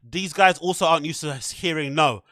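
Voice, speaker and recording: High, bright-voiced young man rambling. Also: brisk, dry recording, clean studio sound. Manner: rambling, animated, swears a lot, filler-heavy. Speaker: podcast host. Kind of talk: casual chat.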